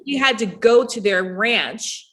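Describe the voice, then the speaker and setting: Husky, laughing middle-aged woman. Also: medium pitch, slow. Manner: animated, laughing often, acting out quotes. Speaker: podcast guest. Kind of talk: casual storytelling chat.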